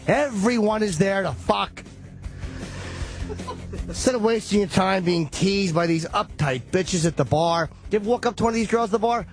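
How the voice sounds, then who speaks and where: High-voiced man doing a crude comic ad read. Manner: crude, rambling, self-mocking. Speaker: radio co-host. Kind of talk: comedic live ad read.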